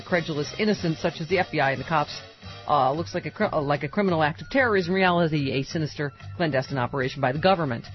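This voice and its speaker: A woman hosting a talk radio show, trading quick jokes with her co-hosts and taking callers. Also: deep voice, muffled recording. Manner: wisecracking, quick to laugh. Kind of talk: talk radio banter and call screening.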